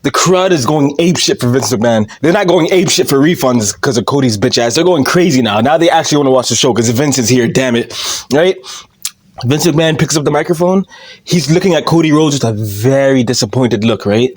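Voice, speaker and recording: A man's voice: medium pitch, lively intonation, fairly quick. Heated, foul-mouthed young man ranting. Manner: profane, heated, mocking. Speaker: vlogger. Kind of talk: casual rant.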